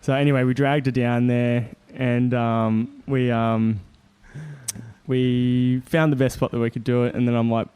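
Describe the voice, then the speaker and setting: An Australian man telling a story in casual chat as a guest, animated and laughing often as he acts out what people said. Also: mid-range voice, moderate pace, smooth.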